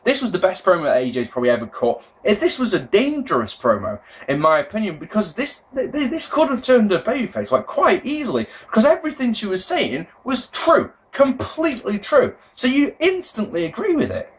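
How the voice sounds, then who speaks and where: A man giving a casual, rambling review of a wrestling show, swearing freely and swinging between loud outbursts and low mutters. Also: wildly swooping pitch, fairly quick, hardly any pauses. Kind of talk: casual video commentary.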